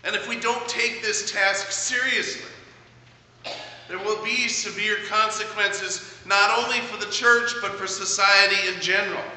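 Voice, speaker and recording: A middle-aged man preaching a sermon in a church, earnest and measured, telling stories. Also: high-pitched, sharp tone. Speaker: pastor. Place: church sanctuary. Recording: echoey church hall from a distance.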